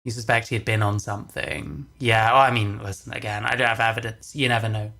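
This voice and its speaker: A man's voice: fairly low pitch, fast, gravelly, pushed and bright. A man ranting on a livestream while reacting to videos, heavy with swearing, exasperated, and repeating phrases for emphasis. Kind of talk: angry casual livestream rant.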